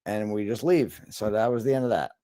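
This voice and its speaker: A man's voice: lowish voice, fairly quick, no echo, clean studio sound. A man telling a story with a lot of swearing, in a casual chat over a video call. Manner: animated storytelling, frequent swearing. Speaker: guest.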